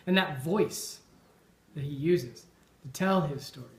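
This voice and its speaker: Man, toast speaker at a supper; reflective, halting delivery with ums; slightly high voice; roomy, echoey hall sound. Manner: thoughtful, with frequent ums and restarts. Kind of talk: informal after-dinner toast.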